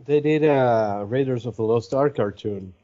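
A man's voice: mid-range voice, normal speed, dark tone, slight background noise. Chatty man explaining on a lo-fi podcast. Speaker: podcast co-host. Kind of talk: casual chat. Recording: dull lo-fi podcast audio.

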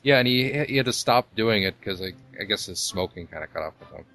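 A man co-hosting a podcast, explaining things in a relaxed, casual way. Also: lowish voice, fast. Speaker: podcast co-host. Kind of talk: casual chat.

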